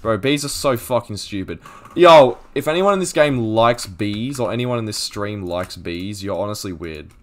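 A teenage male streamer giving live gaming commentary, loud, profane and excitable as he rants. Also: lowish voice, moderate pace.

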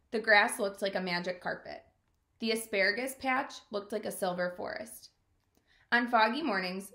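A woman teacher reading a children's storybook aloud in an expressive way, in a roomy-sounding recording. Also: mid-range voice. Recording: roomy echo.

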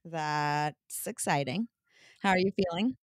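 A woman hosting a podcast in casual chat, relaxed and quick to laugh. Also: fairly low pitch, no echo, clean studio sound. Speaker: podcast host and CEO.

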